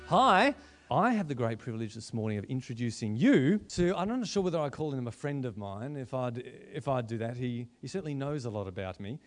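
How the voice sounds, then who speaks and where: A man's voice: mid-range voice, expressive, fairly quick, hardly any pauses, darkish tone, faint music behind. A man pastoring a church, introducing a guest and then interviewing him on stage in a jokey, self-interrupting way. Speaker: pastor hosting a church service. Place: church auditorium.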